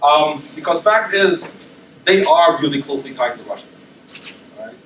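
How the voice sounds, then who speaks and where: A male university lecturer gives a conversational academic presentation in a lecture room, full of ums and tag questions like "right?". His voice is fairly high and bright with lively intonation at a normal speed. The recording has a roomy echo, a little hiss or hum, and he's far from the mic.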